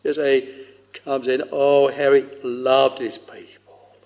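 Slow and darkish in tone, a mid-range male voice with little pitch movement preaches an old-style fervent sermon, calling the listeners "dear soul" and occasionally rising into a half-sung chant. The audio carries long hall reverb.

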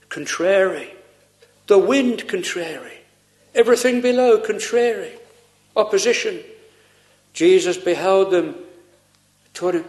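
A man preaching a sermon in an earnest, pleading way, full of pauses and rhetorical questions. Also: high voice.

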